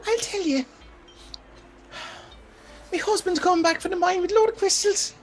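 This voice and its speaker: A woman voicing a small, guilty gnome woman who wails and sobs as she confesses, her voice squeaking between laughter and tears. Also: normal speed. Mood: tearful pleading. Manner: high squeaky wail, laughing and crying as she pleads. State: crying. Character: sobbing, shrill little gnome woman, guilty and desperate.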